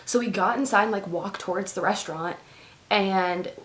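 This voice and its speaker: A woman's voice: medium pitch, moderate pace, a bit bright. A young woman from Texas telling a story to camera in a casual vlog, chatty and full of "like" fillers. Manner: chatty, heavy use of "like" fillers. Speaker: vlogger.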